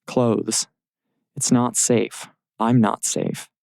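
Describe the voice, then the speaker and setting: Man reading scared injured young woman, pleading, dark gravelly voice, close dry sound. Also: mid-range voice, flat delivery, drawn-out words, no echo. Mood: frightened. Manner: sobbing, breathless pleading.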